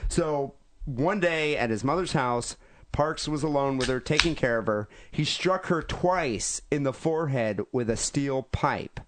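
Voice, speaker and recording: A man co-hosting a podcast talks in a mid-pitched, ordinary voice. His retelling is casual and irreverent, full of dark jokes. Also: unhurried. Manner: joking, irreverent. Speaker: podcast co-host. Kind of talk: casual chat, retelling a news story.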